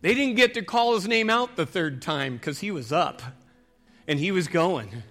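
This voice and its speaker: A male pastor preaching a sermon, telling the story with loud calls and dropping to a hushed voice for prayer. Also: high voice, animated, normal speed, soft background music.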